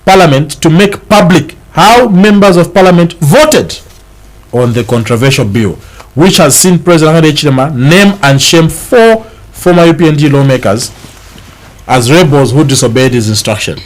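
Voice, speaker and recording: A Zambian man with a Zambian English accent hosts a morning TV show from the studio, casually chatting through the newspapers. His fairly high voice moves at a moderate pace, and he's animated, often joking, laughing and slipping in local words, though the audio is poor.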